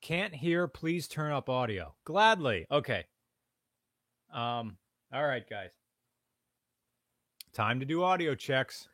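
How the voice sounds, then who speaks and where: Young male stream co-host, playful, chatty, slow delivery. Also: mid-range voice, sing-song, a bit bright, dry recording, studio quality. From Pennsylvania, USA. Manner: playful, chatty, runs audience audio checks. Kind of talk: casual chat.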